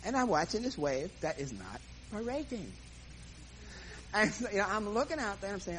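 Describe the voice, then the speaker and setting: A man's voice: high-pitched, very animated, normal speed, long pauses, a bit bright, a little hiss or hum, low-quality recording. A man comedian telling a self-mocking story on stage and acting out the dialogue. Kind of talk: stand-up storytelling.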